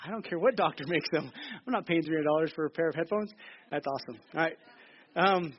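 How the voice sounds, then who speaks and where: A man's voice: a little high, quick pace, slight background noise. A man in his thirties preaching a sermon in a theater, joking and chatty, often restarting his sentences. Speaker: pastor. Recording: slightly dull lo-fi recording.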